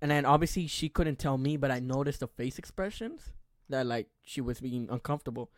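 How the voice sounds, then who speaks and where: A man's voice: mid-range voice, fairly quick, no echo, studio quality. A man in his twenties, a podcast host, telling a rambling, profane story in casual chat.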